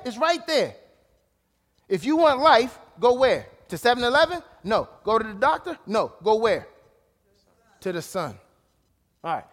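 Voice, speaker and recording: A man preaching a sermon, casual and direct, dropping to low asides and rising to shouted emphasis. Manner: casual, calls out to listeners. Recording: long hall reverb.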